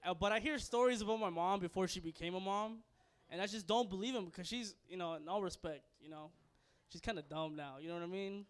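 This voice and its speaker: A man's voice: high-pitched, fast, clean tone. A young man doing a stand-up comedy set, loose and crude, rambling and laughing at his own jokes. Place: comedy club stage.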